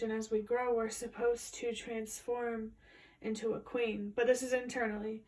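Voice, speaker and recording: A woman's voice: fairly high pitch, flat delivery, normal speed, a little mellow. A woman giving a casual spoken tarot reading, musing her way through intuitive, meandering commentary. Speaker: tarot reader. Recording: voice a bit distant from the mic.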